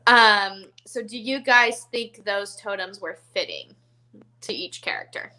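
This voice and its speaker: A woman's voice: medium pitch, unhurried, bright, forceful tone, rough recording. A woman hosting a casual movie chat, chatty and giggly with lots of fillers. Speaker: host.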